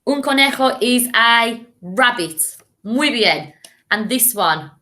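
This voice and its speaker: An English primary school teacher records a lesson for children, speaking clearly and encouragingly as she models words for them to repeat. Her voice sits on the high side and sounds animated, pushed and bright, and she takes it at a slow pace.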